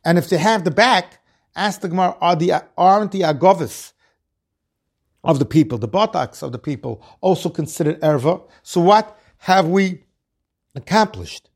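A man's voice: high voice, expressive, normal speed. A man giving a Talmud lecture, reading the Aramaic phrases and explaining each one in English. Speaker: Talmud teacher. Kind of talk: Talmud lecture, translating line by line.

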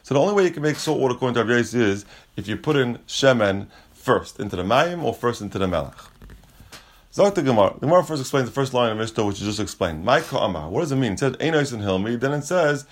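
A man teaching a Talmud lesson, reading Aramaic lines and explaining them casually in English. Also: medium pitch. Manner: casual, restates points, frequent restarts.

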